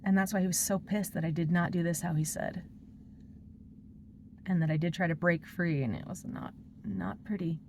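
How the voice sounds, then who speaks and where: A woman's voice: fairly low pitch, fairly even intonation, normal speed, vocal fry, long pauses, darkish tone, a little hiss or hum. A woman talking through her personal struggles in a confessional vlog, rambling and emotional as she vents. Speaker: vlogger.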